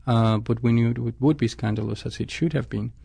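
A man's voice: medium pitch, steady tone, a little fast, creaky, dark tone, husky, no room sound. A man, a scientist, answering interview questions thoughtfully, often restarting his sentences. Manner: thoughtful, with frequent restarts and self-corrections.

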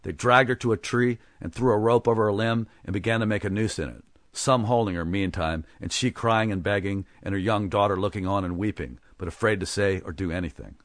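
A man narrating a story as an audiobook, with expressive storytelling. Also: lowish voice, a little fast, hardly any pauses, no room sound, studio quality.

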